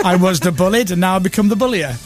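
A man's voice: high voice, lively intonation, fast talker, music in the background. A male radio host teasing his guest in joking chat-show banter. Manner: playful, loves silly voices.

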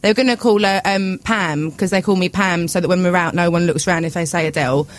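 A woman's voice: on the low side, quick pace. Brief: woman in her twenties, chatty singer guest, loose and giggly. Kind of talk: casual interview chat.

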